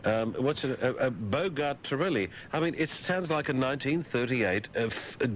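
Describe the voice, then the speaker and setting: A man with an Australian accent, a radio host riffing sardonically in a deadpan monologue on a lo-fi broadcast recording. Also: mid-range voice, normal speed. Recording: dull lo-fi radio broadcast with faint hiss.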